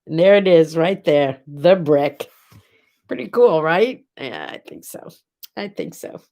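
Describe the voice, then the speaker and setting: In a low, mellow voice, a woman chats in an animated but unhurried way during her casual morning vlog from a room at home. She encourages her viewers and keeps asking them questions.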